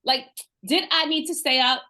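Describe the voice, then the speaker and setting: A woman's voice: high voice, fairly even intonation, moderate pace, pushed and bright. A woman in her forties, a guest coach, telling personal stories in a casual interview, laughing often and acting out the voices of people she quotes. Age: 40s.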